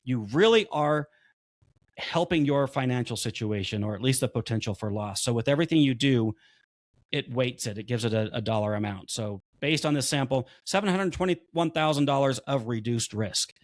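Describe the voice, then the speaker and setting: Relaxed man hosting a podcast. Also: mid-range voice, moderate pace, no echo. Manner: relaxed, joking, runs the segments. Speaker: podcast host. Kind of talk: casual podcast chat.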